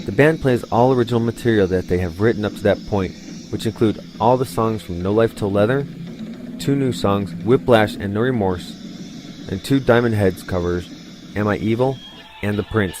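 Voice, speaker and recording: A man giving scripted documentary narration in a steady, measured way. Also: on the low side, background noise. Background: music.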